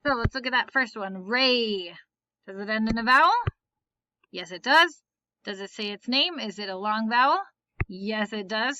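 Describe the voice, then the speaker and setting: Bright-voiced woman teaching phonics. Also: a little high, dry recording, dull audio. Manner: patient, asks and answers her own questions. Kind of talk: phonics lesson.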